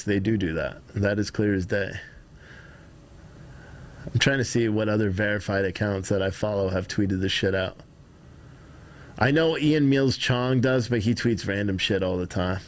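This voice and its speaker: A man hosting a livestream, rambling, frustrated, reading chat aloud, and swearing now and then. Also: fairly low pitch. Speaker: livestream host. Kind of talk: casual livestream commentary.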